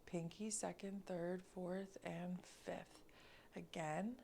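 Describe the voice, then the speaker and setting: A woman leads a mobility class at an unhurried pace, her voice low and edged with vocal fry. She cues each movement calmly and counts down steadily, with a faint hiss of noise behind her. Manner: slow, calm cueing with counted breaths. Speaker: mobility instructor. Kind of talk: guided exercise class.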